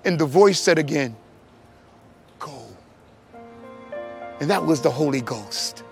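A middle-aged man giving a personal testimony in church, telling his story in an animated way and acting out the voices with big swings in pitch and loudness. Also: a little fast, creaky, soft background music. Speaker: testimony speaker.

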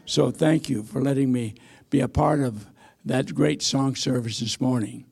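A man's voice: mid-range voice, measured pace, vocal fry, darkish tone, slightly rough. A man in his eighties, a missionary preacher, giving a sermon in a church with folksy, self-deprecating stories and frequent hesitations. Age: 80s. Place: church sanctuary.

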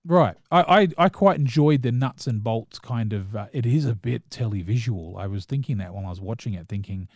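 A man's voice: mid-range voice, brisk, a little mellow, no echo, studio quality. A man with a New Zealand accent, co-hosting a casual chat about films and shows, talking in a rambling, enthusiastic way full of restarts and fillers. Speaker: podcast co-host.

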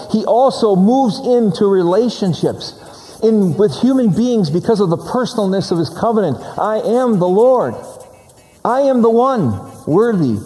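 A man's voice: high-pitched, mellow, in a large hall. A man preaching a sermon, stressing and repeating key words as he teaches from scripture.

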